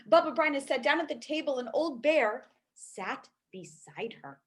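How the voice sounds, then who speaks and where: A woman cantor reads a bedtime story to small children. Her voice sits a little high and moves a lot, lively and expressive as she tells the tale. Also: normal speed, hardly any pauses.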